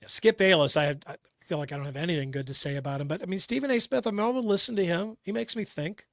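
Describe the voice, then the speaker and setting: A man co-hosting a casual sports talk show, speaking in halting bursts with many restarts. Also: sits high, a bit bright, no room sound, studio quality. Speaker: co-host.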